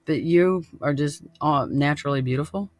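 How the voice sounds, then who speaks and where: A man's voice: fairly high pitch, normal speed, no room sound. A man hosting a podcast in casual chat, laid-back and laughing often, swearing freely. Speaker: podcast host.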